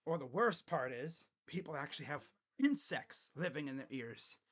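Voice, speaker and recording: A man's voice: fairly high pitch, very animated, normal speed, a bit bright, husky. A man hosting a casual sports livestream, grumbling and sarcastic, swearing offhandedly at a desk microphone.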